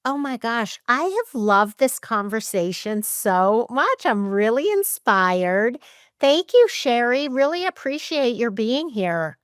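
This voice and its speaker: A middle-aged woman hosting a podcast, talking in a lively, chatty and emphatic way and acting out her own thoughts. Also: fairly high pitch, slow pace, dry recording, clean studio sound. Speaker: podcast host. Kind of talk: casual podcast chat.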